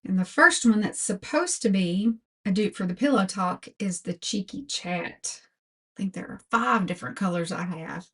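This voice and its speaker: A woman's voice: medium pitch, animated, husky. An older woman giving a chatty makeup tutorial as a beauty vlogger, talking through products one by one. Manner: slow, chatty product talk.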